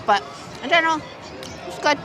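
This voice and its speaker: A woman's voice: high-pitched, lively intonation, moderate pace, over music, crowd noise. A woman food vlogger chatting casually as she tastes and reviews dishes outdoors, hedging and thinking aloud. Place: outdoors at a theme park, windy.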